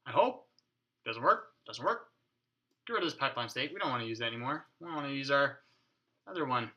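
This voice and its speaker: A man's voice: mid-range voice, expressive, brisk, pauses often, pushed and bright, lo-fi sound. A man hosting a casual coding tutorial at his home desk, thinking aloud, muttering to his code and joking with mild swearing. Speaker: programming tutorial host. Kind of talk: casual screencast coding walkthrough.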